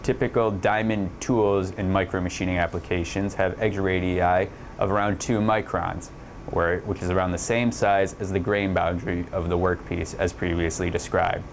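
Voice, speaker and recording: A man's voice: low-pitched, steady tone, normal speed, a little hiss or hum. A man narrating an online lab lecture, explaining steadily with occasional slips and fillers.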